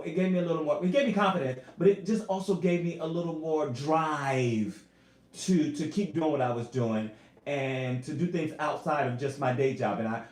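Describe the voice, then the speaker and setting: Singer guy on a home livestream, kinda high voice, heartfelt, talks to y'all, roomy echo. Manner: emotional, earnest, animated, addresses viewers as y'all. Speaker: YouTuber and singer. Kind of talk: casual live-stream chat.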